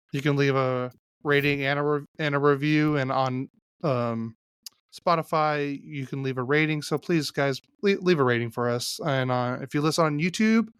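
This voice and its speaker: A male podcast host chatting casually and wrapping up the show, often losing his train of thought. His voice is smooth and clear. It is recorded dry and close on the mic. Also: medium pitch, a bit bright, no echo. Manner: loose, halting sign-off with restarts. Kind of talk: casual chat.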